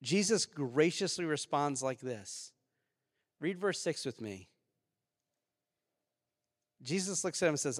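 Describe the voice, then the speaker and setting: A man preaching a sermon as pastor, animated, swinging from loud outbursts to quiet reflection. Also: a little high, slow, long pauses, in a large hall. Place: church sanctuary.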